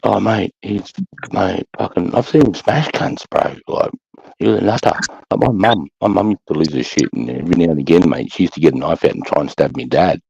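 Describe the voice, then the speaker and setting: A man's voice: deep voice, a little fast, creaky, mellow, husky, no room sound. A man with an Australian accent in casual chat, telling rambling, profane stories packed with "mate" and "brother". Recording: slightly muffled, dull recording.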